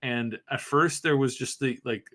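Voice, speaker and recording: A man hosting a podcast, talking in a rambling, animated way with frequent restarts and fillers. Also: mid-range voice, normal speed. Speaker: podcast host. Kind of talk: casual podcast commentary.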